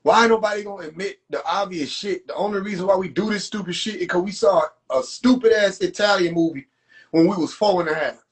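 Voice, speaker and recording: A man ranting and mocking in a profane, animated rant to a live audience, streamed from a phone. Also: high voice, a little fast. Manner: animated, profane, rants and mocks. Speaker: livestream host. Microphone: phone livestream.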